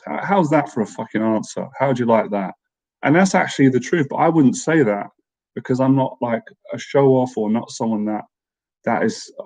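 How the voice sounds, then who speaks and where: A man hosting a relaxed live stream, talking straight to his viewers in a loose, rambling way. His voice sits at a middling pitch with a mellow, dark tone. He laughs easily and often circles back on his own sentences. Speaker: live-stream host answering viewer questions. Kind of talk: casual live-stream chat.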